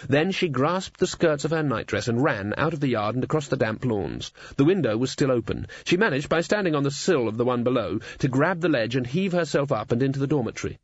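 A man narrating an audiobook in an expressive, measured reading voice. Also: mid-range voice, breathy edge, no echo. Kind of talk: scripted narration. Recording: slightly dull, dry studio sound.

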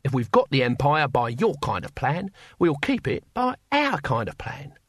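A man's voice: mid-range voice, very animated, moderate pace, husky, no room sound, studio quality. A man voicing a cheerful, shrewd old barbarian leader who talks in a folksy way. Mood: hearty. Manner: hearty, folksy.

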